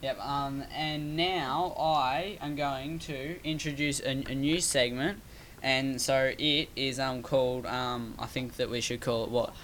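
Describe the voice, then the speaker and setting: Bright-voiced man, halting casual chat. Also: mid-range voice, steady tone, slight background noise. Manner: hesitant, many ums. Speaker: podcast co-host.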